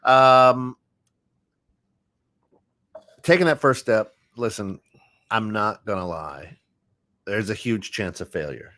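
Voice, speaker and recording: A man's voice: fairly low pitch, slow pace, pauses often, pushed and bright. A man co-hosting a podcast, talking earnestly in a casual motivational chat, often repeating words. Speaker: podcast co-host.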